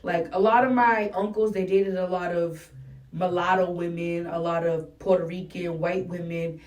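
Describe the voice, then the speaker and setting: A woman's voice: lowish voice, fairly even intonation, normal speed, a little mellow. A young adult woman from New England with a New England accent, talking bluntly and profanely as a rapper in a casual interview. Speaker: rapper guest. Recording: roomy and distant mic.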